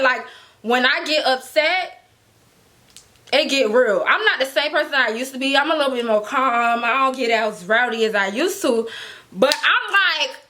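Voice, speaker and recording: A young woman spins a story to her camera with loose slang and frequent laughter. Her voice sits high and swoops widely, with a sharp, bright edge. She acts out the other people's lines as she goes. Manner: animated, slangy, laughs often, acts out quotes. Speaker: storytime vlogger. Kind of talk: casual storytelling.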